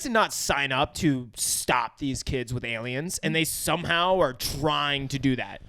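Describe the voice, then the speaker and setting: A man's voice: mid-range voice, unhurried, few pauses, sharp tone. A young man co-hosting a podcast, recapping a movie in casual chat, swearing and acting out lines. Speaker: podcast co-host.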